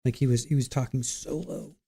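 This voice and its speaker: A man hosting a live stream chats loosely with his viewers. He talks straight to the chat, trails off, and starts his sentences over. His voice is mellow and rather dark, at an ordinary male pitch. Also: a little fast, gravelly, slightly rough. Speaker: livestream host. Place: home setup at a computer.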